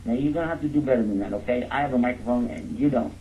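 A man's voice: medium pitch, very fast. A man from Texas, giving a jokey, interactive lecture and coaxing his audience to repeat words after him. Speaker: speaker teaching a live audience. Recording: narrow phone-like lo-fi sound.

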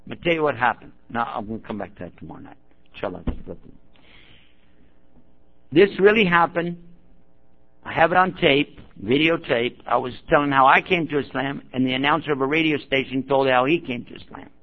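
A man's voice: medium pitch, expressive, fairly quick. A man preaching to a gathering, telling a story and acting out the quotes of the people in it. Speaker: Islamic preacher. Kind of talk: sermon-style storytelling. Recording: dull lo-fi recording.

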